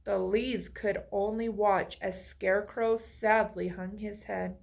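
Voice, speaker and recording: A woman's voice: medium pitch, takes it slowly, creaky, few pauses, a bit bright. A woman reading a children's picture book aloud, asking the listener friendly questions along the way. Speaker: storybook reader.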